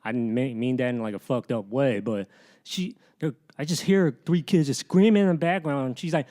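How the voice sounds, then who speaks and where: A man in casual podcast banter with a middle-pitched voice. He rambles, trails off, and leans on fillers in a relaxed way. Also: normal speed. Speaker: podcast guest and comedian. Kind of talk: casual chat.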